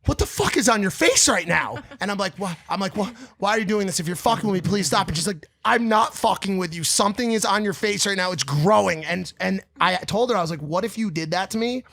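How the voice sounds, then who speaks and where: A man co-hosting a podcast, telling crude stories in casual chat with lively mimicry. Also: brisk, gravelly, few pauses, dry recording. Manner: animated, crude storyteller who mimics others in a high voice. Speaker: podcast co-host.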